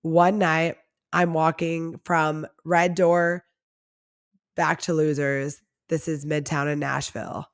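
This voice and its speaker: Chatty podcaster woman with a lowish voice. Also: clear, resonant tone. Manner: chatty and confessional, heavy use of "like". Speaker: podcast host. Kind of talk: candid storytelling monologue.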